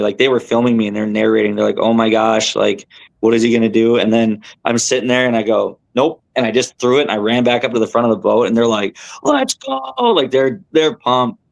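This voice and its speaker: A young man with a mid-pitched, gravelly voice full of vocal fry. He tells a fishing tournament story as a podcast guest, rambling and animated, tripping over himself with fillers and restarts. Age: young adult. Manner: animated, rambling, lots of fillers and self-corrections.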